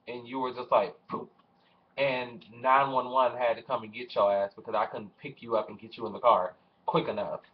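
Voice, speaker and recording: A young man casually telling a story to his viewers, animated and swearing, acting out what people said. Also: on the low side. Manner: animated, swearing, acts out quoted voices. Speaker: vlogger. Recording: dull lo-fi webcam audio.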